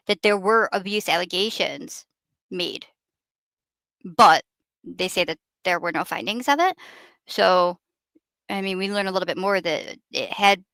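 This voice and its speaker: A woman's voice: fairly low pitch, bright, forceful tone, no echo. A woman hosting a show, commenting on court footage and summarizing it as she thinks aloud. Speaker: show host.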